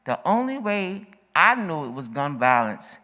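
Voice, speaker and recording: A woman with a low voice takes the open mic at a community forum. She is a little out of breath, and her remarks are emphatic and repetitive, pressing hard on the urgency. The long echo of a meeting hall surrounds her. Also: sing-song, unhurried, sharp tone. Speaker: audience member speaking at a forum. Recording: echoey hall.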